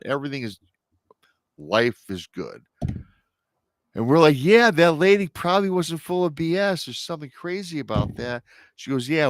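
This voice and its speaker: A man in his thirties, a podcast guest, telling a personal paranormal story in a casual, animated way and acting out the people he quotes. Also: mid-range voice, dry recording. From Michigan.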